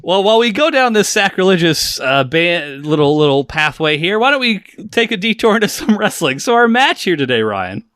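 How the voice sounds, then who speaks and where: Podcast host, forties, man, teasing and jokey, bright and a touch high. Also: very animated, fairly quick, hardly any pauses, smooth, no room sound, clean studio sound. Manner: playful, teasing, jokey asides. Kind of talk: casual podcast chat. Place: home studio in the high desert.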